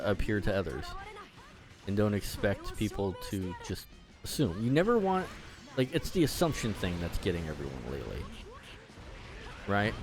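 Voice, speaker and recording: A man's voice: fairly low pitch, noisy background. A man giving casual gameplay commentary, rambling with lots of fillers and restarts and swearing freely as he rants. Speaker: gaming channel host.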